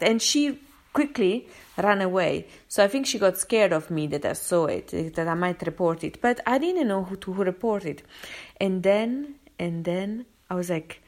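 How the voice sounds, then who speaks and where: A woman vlogger telling a personal story in a casual, expressive way, with many fillers and restarts. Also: mid-range voice, moderate pace. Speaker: vlogger sharing a daily quote. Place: home area in London.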